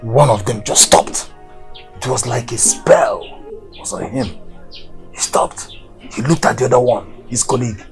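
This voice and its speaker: A man's voice: mid-range voice, unhurried, long pauses, soft background music, close to an everyday voice. An actor with a Nigerian accent playing a young man frantically telling his father how he escaped being killed. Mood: frantic. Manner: frantic, breathless storytelling with shouts. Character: young man who fled execution.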